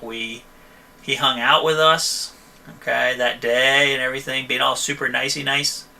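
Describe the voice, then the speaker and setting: A man with a sharp, very bright voice, set a little high for a man, chatting casually on a live stream. He rambles through stories from his repair shop and keeps checking in with listeners. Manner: chatty, rambling, frequent "okay?" and "you know". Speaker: host answering viewer questions; van repair shop owner.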